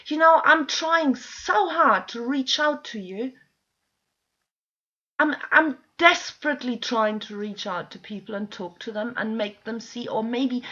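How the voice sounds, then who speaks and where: High-voiced woman venting on a home vid, slow and fed up, swears a lot, muffled lo-fi sound. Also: animated, pushed and bright. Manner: exasperated, pleading, swears often. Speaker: vlogger. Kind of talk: emotional direct-to-camera rant. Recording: dull lo-fi home video sound.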